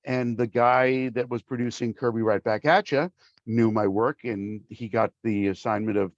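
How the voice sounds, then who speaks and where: A middle-aged male voice actor telling stories as an interview guest, lively and acting out quoted voices. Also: lowish voice, normal speed, no room sound, muffled recording. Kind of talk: casual interview storytelling.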